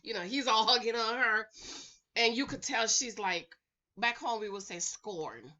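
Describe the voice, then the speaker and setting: A woman's voice: mid-range voice, moderate pace, bright, forceful tone, lo-fi sound. A woman recording a casual, sassy recap vlog at home, chatting to her viewers and calling them y'all, honey and girl. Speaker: reality TV recap vlogger.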